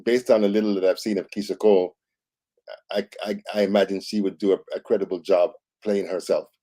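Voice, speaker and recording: A male co-host on a morning news show with a deep, low voice and a mellow, dark tone. He talks in a relaxed, conversational way, sometimes stammering and restarting before making his point. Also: brisk. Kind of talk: casual talk-show commentary.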